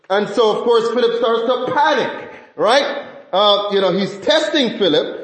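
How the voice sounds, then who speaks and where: A man's voice: sits high, animated, a little slow, a bit bright. A man teaching scripture in a conversational sermon style, often asking his listeners questions. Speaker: Bible teacher. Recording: roomy echo.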